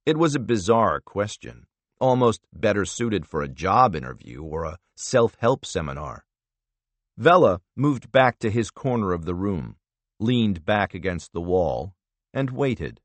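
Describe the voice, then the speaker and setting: A man narrating a thriller audiobook in a measured, expressive storytelling manner. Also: fairly low pitch, no echo.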